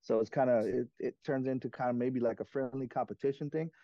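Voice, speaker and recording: A man talks in a relaxed, unhurried way as a guest in a casual interview, leaning on filler phrases as he goes. The sound is a little dull and lo-fi, with a dry, close feel. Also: mid-range voice, no echo. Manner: laid-back, leans on "you know" constantly. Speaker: comic co-creator, guest.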